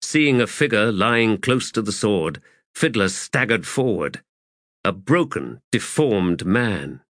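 A man narrating a fantasy novel in a measured, deliberate way. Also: lowish voice, animated, a bit bright, no echo, studio quality. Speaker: audiobook narrator.

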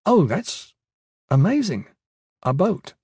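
A man voicing an anxious, earnest teenage boy in an audiobook, with an eager voice that rises high. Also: very animated, slow, a little mellow, husky, no echo, heavily acted. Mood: excited. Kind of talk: audiobook character voice.

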